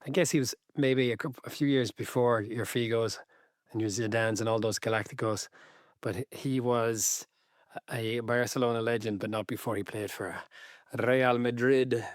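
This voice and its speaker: A man co-hosting a casual football podcast, relaxed and wryly teasing his co-host. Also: mid-range voice, moderate pace, no echo, clean studio sound.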